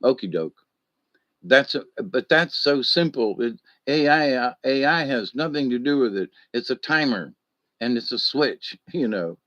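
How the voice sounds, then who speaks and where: A man chats on his own live stream, slow and unhurried, swearing and wandering through stories while he answers chat. The audio is dull and lo-fi, with a dry close sound. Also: mid-range voice, lively intonation, fairly bright tone, dry recording. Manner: rambling, profane, tells anecdotes with sound effects; reads and answers chat comments.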